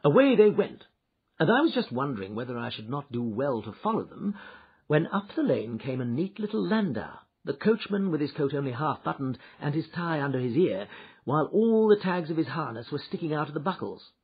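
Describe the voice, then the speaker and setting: This audiobook reader, a man, takes on the part of a sharp-witted detective telling his own adventure with wry liveliness, captured on a dull lo-fi recording. He speaks briskly in a somewhat high, exaggerated voice with a breathy edge, clearly amused.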